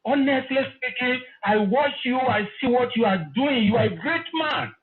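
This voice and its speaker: A man's voice: very high-pitched, expressive, normal speed. A man calling in to a live show, earnest and effusive, repeating himself. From Nigeria. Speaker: caller. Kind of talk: phone call to a live show. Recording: tinny phone line.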